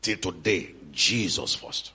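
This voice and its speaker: Man, Nigerian accent, preacher, husky, sharp bright tone, animated sermon. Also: sits low, slow. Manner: animated, shouting, switching into Yoruba asides. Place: church conference hall.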